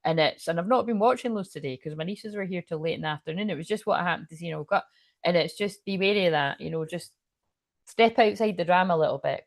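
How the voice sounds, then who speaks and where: A woman's voice: lowish voice, dry recording, clean studio sound. A woman, talking casually about spirituality in a rambling, frank way, swearing freely and full of fillers and restarts. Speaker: spiritual channel and tarot reader. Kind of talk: casual spiritual livestream talk.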